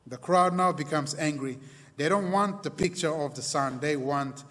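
A man preaching a sermon, telling a story dramatically and slowing down and going quiet on key lines. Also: fairly high pitch. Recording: long hall reverb.

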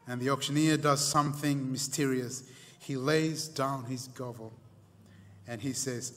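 A man preaching a sermon, telling a story dramatically and slowing down and going quiet on key lines. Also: mid-range voice, fairly even intonation. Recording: long hall reverb.

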